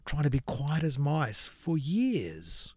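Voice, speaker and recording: A man with a fairly high voice chats as co-host, leading the conversation and explaining at length. His voice sits close and dry, with no room sound. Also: wildly swooping pitch, takes it slowly, a little mellow, dry recording. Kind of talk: casual chat.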